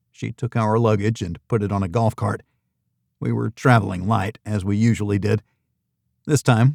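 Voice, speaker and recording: A man narrating a thriller audiobook in the first person, in an even, measured reading. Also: on the low side, gravelly, dry recording, studio quality.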